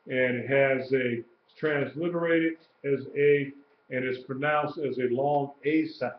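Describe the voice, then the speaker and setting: A man talks slowly through an informal lesson, often repeating words and fixing his own slips. His voice sits in a roomy space. The sound is dull and slightly lo-fi, with a faint hiss behind it. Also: mid-range voice. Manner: slow, repeats terms, many fillers and self-corrections. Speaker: teacher.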